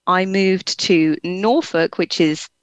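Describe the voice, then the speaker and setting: A young Englishwoman speaks in a lowish, slow, clean voice on a dry recording, her accent carrying a faint Scottish touch. She's a guest author in a relaxed interview, chatty and laughing between her words.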